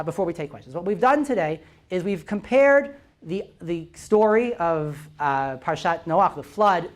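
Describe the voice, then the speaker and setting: A man's voice: high voice, fairly bright tone. A male lecturer giving a Bible talk to a live audience. He keeps tagging his points with "right?" and "okay?" and keeps firing questions at the listeners. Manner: constantly checks in with "right?" and "okay?". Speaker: visiting lecturer.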